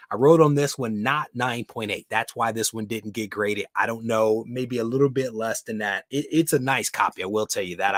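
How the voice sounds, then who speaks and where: A man's voice: on the low side, fairly bright tone, dry recording, clean studio sound. A man hosting a casual comic book livestream, chatting with viewers, reading their comments aloud and calling them brother. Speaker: host of a live comic book show.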